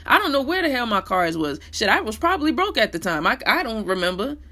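A woman vlogger talking candidly in a personal monologue, animated and blunt, swinging between loud outbursts and hushed asides. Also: on the high side, quick pace.

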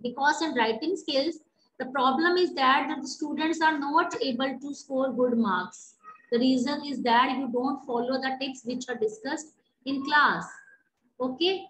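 A woman's voice: high voice, unhurried, fairly bright tone, roomy sound, slight background noise, rough recording. A woman teacher giving patient, explanatory feedback in an online class, often checking that students understand. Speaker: English teacher.

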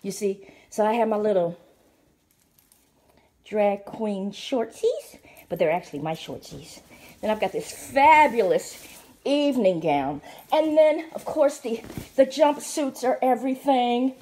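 A middle-aged woman hosting her own show, talking to the camera in a playful, flamboyant way, hoarse from a sore throat. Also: fairly high pitch, measured pace, long pauses, warm tone. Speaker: show host. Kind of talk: casual chat to camera.

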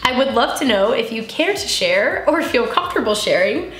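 In a slightly high, sing-song voice with a bit of brightness, a twenty-something beauty vlogger chats at a moderate pace while getting ready on camera. She's giggly, candid, emotional and open. Faint music and room echo sit behind her.

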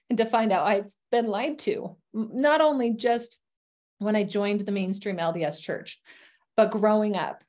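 A woman's voice: mid-range voice, darkish tone. A woman telling her own life story as a guest, speaking candidly and earnestly, with frequent ums and restarts. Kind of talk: personal testimony.

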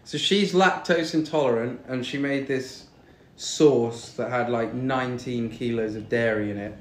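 A man's voice: mid-range voice, a little slow. A young British man banters and teases with loose, swear-laced chat as he cooks. His voice sits in a middle range. It bounces around a roomy home kitchen, with a faint hiss under it. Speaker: streamer. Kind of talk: casual chat while cooking.

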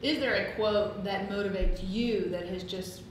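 A woman in the audience asking a speaker a careful, measured question. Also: mid-range voice, a little hiss or hum. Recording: echoey room, distant mic.

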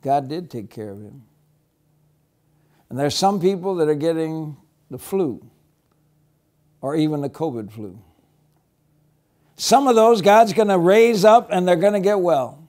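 A man teaching a children's church Bible lesson, gently reassuring as he tells the story and prays. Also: a little high.

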